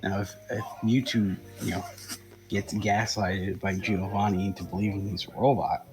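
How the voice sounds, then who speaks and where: A man's voice: fairly low pitch, little pitch movement, moderate pace, music in the background, rough recording. A man co-hosting a casual podcast, who stammers and restarts before landing his jokes. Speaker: podcast co-host. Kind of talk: casual chat.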